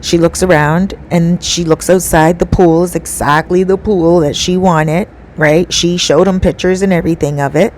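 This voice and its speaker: A woman with a somewhat low voice tells a story casually. She rambles in a chatty way, with many fillers and asides. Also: fairly even intonation, moderate pace, hardly any pauses, darkish tone, a little hiss or hum, low-quality recording.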